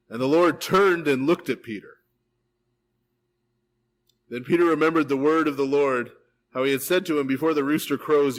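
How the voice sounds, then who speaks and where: A man, a priest, leading a live verse-by-verse Bible study in a church, reading scripture and retelling it in a casual, lively way with frequent "right?" asides. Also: mid-range voice, rough recording. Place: church hall, recorded live.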